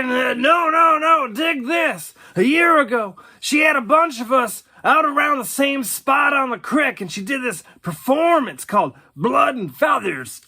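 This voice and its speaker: Young joker played by a man, high, gravelly voice, slow, laughing, crude storytelling. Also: pushed and bright, full character voice. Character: cocky young man, art-scene joker. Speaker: babysitting cousin. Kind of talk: storytelling monologue.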